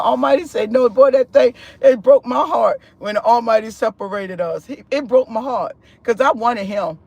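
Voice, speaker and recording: A woman in an animated spiritual testimony on a live stream, chatty and expressive, often calling the listener "honey" and "sis". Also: normal speed, hardly any pauses, no room sound. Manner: expressive and chatty, with big pitch swings and laughter; loose conversational speech with frequent "honey" and "sis".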